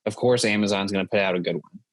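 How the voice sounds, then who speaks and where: Relaxed male co-host, lower voice, close dry mic. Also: fast talker, dry recording. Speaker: podcast co-host. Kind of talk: casual chat.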